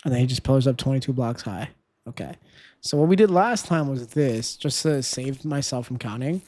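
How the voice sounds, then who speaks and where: A live streamer chatting casually with viewers while playing, counting steps aloud and breaking into loud, dismayed outbursts when things go wrong. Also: medium pitch, lively intonation, moderate pace, no echo.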